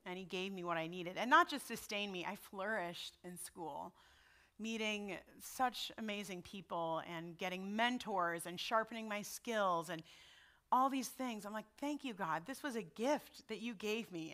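Bright-voiced woman preaching conversationally. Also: medium pitch, normal speed. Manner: conversational and personal, checking in with the audience. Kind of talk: sermon.

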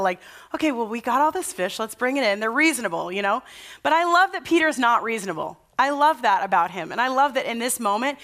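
A woman's voice: a little high, a bit bright. A woman pastor preaching a sermon in a casual, conversational way, acting out the people in the story with energy. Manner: conversational and enthusiastic, acts out quotes.

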